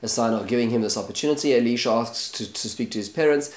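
A man with a voice of ordinary pitch teaches a Bible lesson in a relaxed storytelling way. He drops Hebrew terms and verses into his English and briefly acts out the characters' lines. The recording has a noticeable room echo. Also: fast talker.

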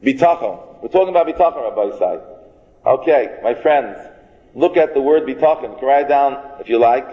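A man's voice: medium pitch, expressive, a little fast. Man giving a folksy Torah lecture. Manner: folksy, joking, restarts phrases, mixes in Hebrew and Yiddish words. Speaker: rabbi teaching a class. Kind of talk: Torah lecture to a live audience. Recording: dull, reverberant hall recording.

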